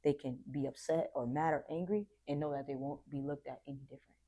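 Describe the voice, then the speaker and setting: Low, mellow-voiced woman on a podcast. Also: steady tone, fast talker. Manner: reflective, earnest, acts out quoted voices. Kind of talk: casual podcast conversation.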